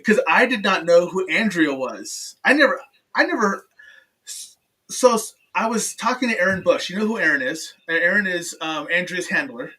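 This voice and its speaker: High bright-voiced male talk host. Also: moderate pace, recorded from a distance, low-quality recording. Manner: animated storyteller, acts out quoted dialogue, laughs often. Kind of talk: casual interview chat.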